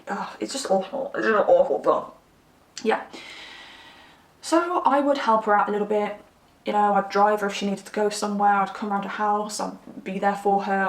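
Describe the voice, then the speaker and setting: A young woman giving a casual tarot reading to camera, rambling and animated as she tells stories. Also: mid-range voice, gravelly. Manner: chatty, rambling, animated storytelling. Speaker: tarot reader. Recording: roomy, slightly distant mic.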